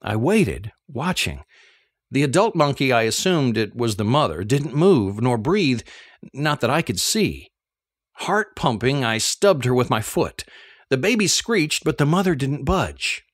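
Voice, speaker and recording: A man reading a first-person novel aloud, telling the story in an expressive, animated way. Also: medium pitch, a little slow, no room sound, studio quality. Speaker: audiobook narrator.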